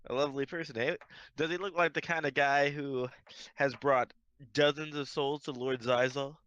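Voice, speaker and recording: Give me a male player with a bright voice, cool and menacing, on a dull recording. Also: mid-range voice, steady tone, moderate pace, smooth. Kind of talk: tabletop role-play, in character at times.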